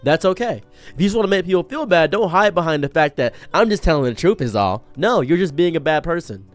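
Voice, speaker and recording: A man's voice: fairly high pitch, expressive, quick pace, faint music behind. A man giving an earnest motivational monologue, preachy and direct, acting out the voices he quotes. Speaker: streamer giving a pep talk.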